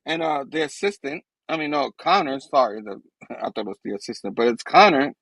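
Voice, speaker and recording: A male host with a gravelly, husky voice that swings up and down as he rambles through a comic book recap. He chuckles and restarts constantly. The sound is close and completely dry. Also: mid-range voice, brisk, no room sound, low-quality recording. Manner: animated, rambling, chuckles often.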